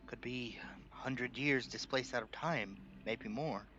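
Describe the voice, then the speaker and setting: A man's voice: mid-range voice, unhurried, pushed and bright, highs cut off, a little hiss or hum. A man playing in a tabletop game, talking hesitantly and restarting his sentences. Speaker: player. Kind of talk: casual tabletop play.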